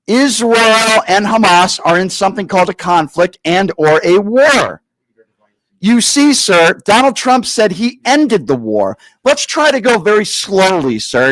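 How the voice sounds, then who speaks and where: A man hosting a call-in talk show, talking down to a caller in a slow, repetitive, insulting way. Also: sits high, a bit bright, dry recording, poor audio.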